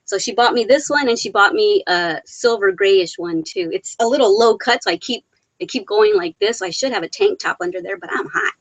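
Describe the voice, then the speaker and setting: A woman's voice: medium pitch, a little fast, no room sound. A middle-aged woman chats into her laptop on a live stream, giggling between sentences while fighting back tears. The sound is dull and muffled, with a dry, close feel. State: teary, on the verge of crying. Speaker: live Q&A host. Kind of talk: casual live-stream chat reading viewer comments. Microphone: laptop microphone.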